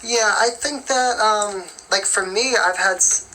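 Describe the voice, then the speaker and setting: A woman's voice: mid-range voice, unhurried, sharp tone, a little hiss or hum, rough recording. A young woman singer answering fan questions in a casual live-stream chat, rambling along with lots of "like" and "you know".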